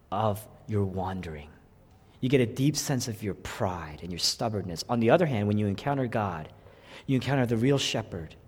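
A man preaching a sermon as pastor, swinging from hushed lines to loud emphatic ones. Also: lowish voice, husky, long reverb tail.

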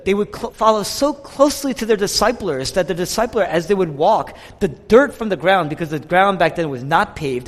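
A man preaching a sermon in a church hall, swinging between loud, high emphasis and low, hushed moments. His slightly high voice carries a long reverb from the large room around him. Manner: dynamic preaching, rising and falling in pitch and loudness. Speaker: pastor.

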